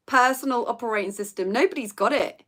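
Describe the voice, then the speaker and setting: A woman's voice: fairly high pitch, a bit bright, husky. A woman, hosting a casual live quiz chat and reading out viewer comments with frequent laughter. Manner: chatty, giggly, reads out viewer comments. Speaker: livestream host.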